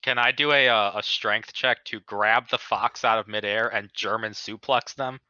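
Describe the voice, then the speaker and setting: A man playing a tabletop game, cracking jokes in a deadpan way. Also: fairly low pitch, moderate pace, no room sound, dull audio. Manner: deadpan joking. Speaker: player.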